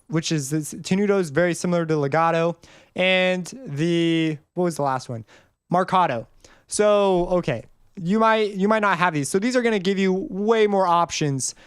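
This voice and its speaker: In this laid-back, screen-recorded music theory lesson, the male host's high voice comes across clear and resonant without any echo. His explanations wander loosely, and he sings notes to demonstrate every marking.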